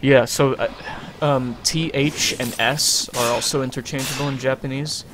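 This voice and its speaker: A man's voice: mid-range voice, fairly even intonation, moderate pace, noisy background. A young man co-hosting a game livestream, chatting casually, rambling with lots of fillers and the odd swear. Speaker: livestream co-host. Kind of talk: casual chat during a game stream. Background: game music.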